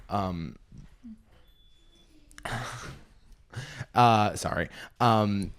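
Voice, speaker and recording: A young man hosting a comedy podcast, telling a story in animated, gossipy casual chat, often breaking into loud laughs. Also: lowish voice, measured pace, long pauses. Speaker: podcast host and stand-up comedian.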